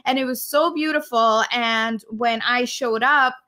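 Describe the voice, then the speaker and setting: A woman's voice: a little high, measured pace. A woman co-hosting a podcast, chatting openly and effusively, often laughing as she talks. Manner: warm, gushing, laughs often. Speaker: podcast co-host. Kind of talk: casual podcast conversation.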